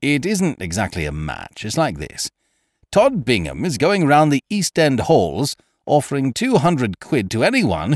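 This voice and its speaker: A man's voice: mid-range voice, no echo, studio quality. A man voicing a boisterous, scheming young man, full of big plans, who talks in a hearty, breezy way. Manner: hearty, breezy, calls people "old horse" and "laddie".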